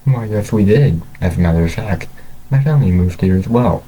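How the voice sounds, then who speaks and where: A man's voice: low-pitched, normal speed, mellow, slight background noise, poor audio. A man voicing a formal, welcoming restaurant owner with polite, courteous speech.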